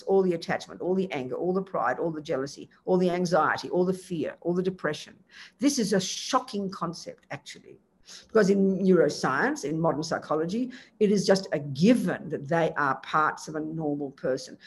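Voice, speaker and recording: A Buddhist teacher giving a dharma talk in an emphatic way, building long lists and dropping quick casual asides. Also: medium pitch, slightly rough.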